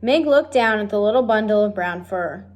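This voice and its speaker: A woman reading a children's novel aloud, speaking directly and warmly to her listeners. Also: medium pitch, animated, normal speed. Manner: friendly, direct address to listeners. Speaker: reader of a children's book. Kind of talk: read-aloud storytelling.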